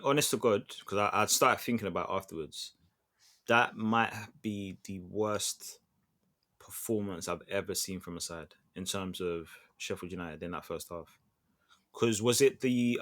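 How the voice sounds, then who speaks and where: A man co-hosts a football podcast, spinning stories in a loose, slangy, talkative way and often restarting his sentences. His voice is fairly low with a fairly bright tone, and the conversation is casual football chat.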